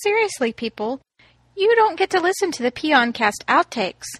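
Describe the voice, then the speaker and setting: High-pitched woman co-host, expressive and teasing, dry close mic. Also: normal speed, no room sound. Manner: emphatic, teasing. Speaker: podcast co-host. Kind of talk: casual chat.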